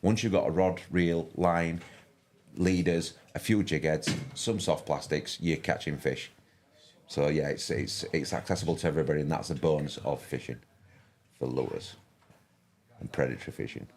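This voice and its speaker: An older man with a broad West Yorkshire accent and a very low, deep voice talks casually as a fishing commentator. He rambles, restarting his sentences and filling the gaps with ums. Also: normal speed, darkish tone. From West Yorkshire, England. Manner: rambling, with many restarts and fillers. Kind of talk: casual live-stream chat.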